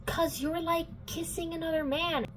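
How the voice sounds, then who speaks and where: A woman voicing a jealous teenage boy who yells at his friend, read from a storybook. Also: very high voice, fairly even intonation, moderate pace, a little hiss or hum, voice pushed up. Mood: hurt.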